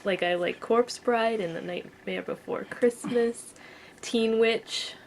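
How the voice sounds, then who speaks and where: A woman's voice: fairly high pitch, takes it slowly, a little hiss or hum, low-quality recording. A young woman hosting a casual chat video at home, reading out questions in a chatty, teasing way. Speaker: vlogger host.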